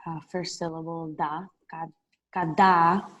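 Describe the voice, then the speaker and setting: A woman's voice: low-pitched, little pitch movement, takes it slowly, fairly bright tone, lo-fi sound. A woman taking a one-on-one language lesson over a video call, tentatively sounding out words. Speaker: language student.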